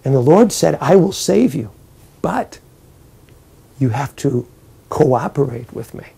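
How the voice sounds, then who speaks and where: A priest voicing a stern, solemn saint judging at heaven's gate. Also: male voice, fairly high pitch, lively intonation, slow pace, creaky, mellow, slightly rough, exaggerated voice. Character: stern gatekeeper saint, elderly man.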